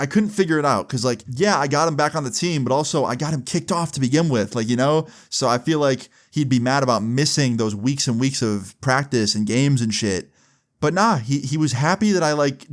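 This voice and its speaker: A man telling a personal story in a casual vlog, animated and profane, with sudden jumps in pitch. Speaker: storyteller vlogger.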